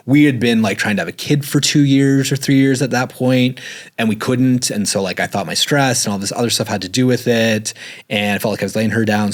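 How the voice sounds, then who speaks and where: A man with a fairly low voice tells his story in a loose, conversational interview. He rambles and leans on "like" as a filler. He grows animated when he acts out what people said. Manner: rambling, filler-heavy, says "like" often; animated when retelling dialogue. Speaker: guest.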